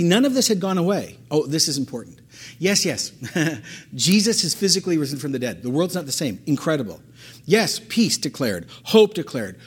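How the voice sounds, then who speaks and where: Male pastor, husky, higher-pitched voice, emphatic sermon delivery with repeated phrases.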